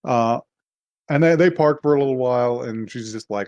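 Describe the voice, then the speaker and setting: A man's voice: medium pitch, moderate pace, no room sound. Man rambling casually in dry sound. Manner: rambling, relaxed storytelling with casual swearing. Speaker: podcast co-host. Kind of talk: casual anime recap chat.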